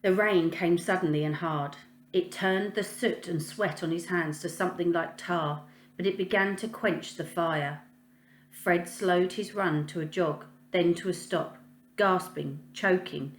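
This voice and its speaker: A woman's voice: lowish voice, unhurried. Woman teacher reading a story aloud. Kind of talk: reading a children's novel aloud. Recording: echoey room.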